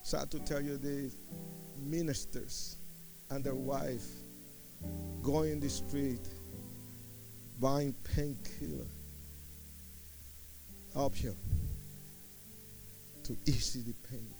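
Gravelly impassioned preacher man. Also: mid-range voice, steady tone, very slow, long pauses, over music. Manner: impassioned, swinging from hushed to shouting. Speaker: preacher giving testimony. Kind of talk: sermon testimony.

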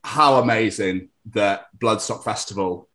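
A man's voice: lowish voice, a little slow, pushed and bright. A man co-hosting an interview podcast, easygoing and agreeable, laughing along with the guest. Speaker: podcast co-host. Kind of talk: casual interview chat.

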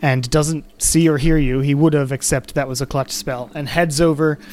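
A man's voice: on the high side, steady tone, normal speed, darkish tone. A man narrating as game master in a casual, rambling way, laughing often.

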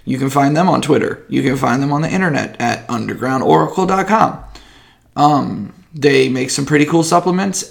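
A man's voice: fairly high pitch, creaky. A man acting as game master and podcast host, narrating a tabletop game in a casual, joking way and swearing freely. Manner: casual, swears freely, laughs between descriptions.

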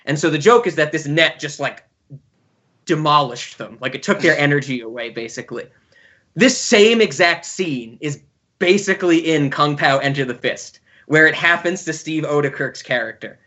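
A man's voice: on the high side, normal speed, bright, forceful tone. A man hosting a podcast in casual chat, teasing his co-host and laughing often.

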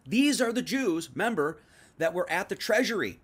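A man teaching on a Bible passage in a livestream, chatty, dropping to quiet asides and then rising to emphatic bursts, reading verses aloud and paraphrasing them loosely. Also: sits high, animated, normal speed, breathy edge. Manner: conversational, swings from quiet asides to emphatic outbursts. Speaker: preacher.

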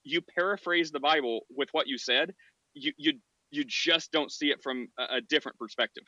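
Animated, stammering man hosting a podcast. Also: a little high, normal speed, dry recording, highs cut off. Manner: animated, stammering restarts, frequent laughs. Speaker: podcast host. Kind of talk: casual debate chat.

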